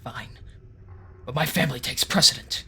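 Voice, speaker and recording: Brief: man doing an irate mayor, raised pitch, sharp and bright, hissing his anger. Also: moderate pace, husky, full character voice. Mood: grudging. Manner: whisper-shouting, exasperated. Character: irate middle-aged male town mayor, desperate for family.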